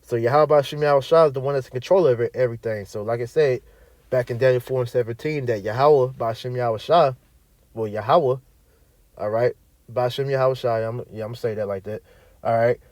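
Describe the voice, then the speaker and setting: A man's voice: medium pitch, a little fast, a little mellow, dry recording. A man preaching and teaching scripture, emphatic and repetitive, often tagging his points with "all right" and reading verses aloud. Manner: reads verses aloud in archaic wording; mutters away from the mic while searching.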